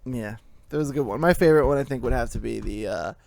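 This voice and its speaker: A man co-hosting a casual podcast, talking in an animated way and laughing often. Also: mid-range voice, fast talker, gravelly. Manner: animated, laughing often while reading aloud. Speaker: podcast co-host. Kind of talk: casual chat.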